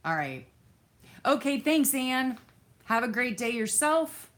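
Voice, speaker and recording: A woman's voice: a little high, sing-song, slow pace, fairly bright tone. A woman hosting a casual craft live stream, chatting loosely with lots of fillers while she thanks viewers by name and answers their comments, sometimes drifting away from the mic. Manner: many fillers and restarts, easily distracted. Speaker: crafting livestream host.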